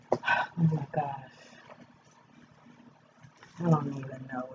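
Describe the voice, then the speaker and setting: A woman's voice: medium pitch, dull audio, slight background noise. A woman in her fifties doing a casual tarot reading from her bedroom, chatty and rambling, talking straight to her viewers. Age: 50s. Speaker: tarot reader. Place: bedroom at home.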